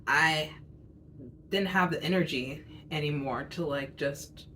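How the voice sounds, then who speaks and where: A woman's voice: sits low, takes it slowly, sharp tone, a little hiss or hum. A woman in her twenties telling a personal story as a casual storytime chat, rambling and candid with lots of fillers. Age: 20s.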